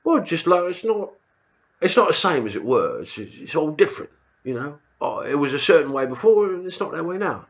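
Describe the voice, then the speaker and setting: A man's voice: fairly high pitch, very animated, brisk, voice pushed up. A man putting on a grumbling East London local whose voice is lifted well above his own. He stays vague, repeats himself and tacks questions onto his complaints. The recording is dull and lo-fi. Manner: vague and repetitive, trailing tag questions.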